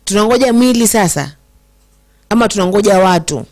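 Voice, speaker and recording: Speaking at medium pitch with a darkish tone, a young Kenyan woman animatedly reads viewer comments while hosting casual commentary. She switches between English and Swahili with feeling, slowing down to stress certain words.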